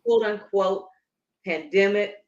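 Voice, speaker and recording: A woman's voice: mid-range voice, takes it slowly, darkish tone, lo-fi sound. A woman who coaches Pilates and breathing, explaining emphatically in a conversational interview. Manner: emphatic, instructive, demonstrating as she explains. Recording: echoey room.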